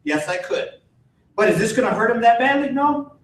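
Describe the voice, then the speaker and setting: A man's voice: very high voice, expressive, normal speed. A man teaching a martial arts self-defense class to kids, giving firm, repetitive instructions. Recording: echoey gym from far off.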